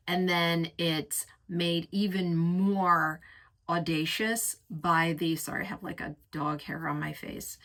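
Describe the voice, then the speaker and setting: A woman's voice: on the low side, bright, forceful tone. A woman reviewing perfumes in a casual, effusive chat, painting vivid pictures and lingering over her words. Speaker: fragrance reviewer.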